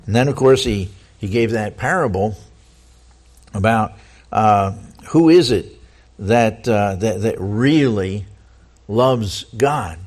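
A man's voice: on the low side, lively intonation, takes it slowly, a little mellow. A man preaching a sermon, reading scripture aloud and asking the listeners earnest rhetorical questions, often stumbling and repeating words as he goes.

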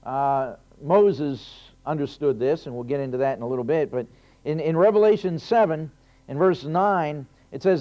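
This preacher's voice sits on the high side, and he moves along fairly quickly as he reads from scripture, stressing the key lines. His delivery is emphatic, climbing in pitch on important phrases, with many false starts. It's a dull, lo-fi recording.

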